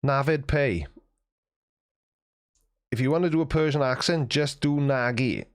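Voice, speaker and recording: A man's voice: medium pitch, a little slow. Male streamer, dry self-deprecating humor, casual chat with viewers, mid-range voice. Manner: wry, self-mocking banter. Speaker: livestream host reading chat.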